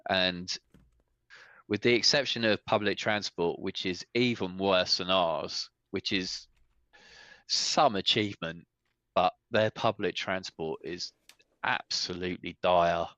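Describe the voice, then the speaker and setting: A man's voice: deep voice, slow, pushed and bright, no room sound. A man on a podcast, ranting in exasperated casual chat with some swearing. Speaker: podcast co-host. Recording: dull lo-fi sound.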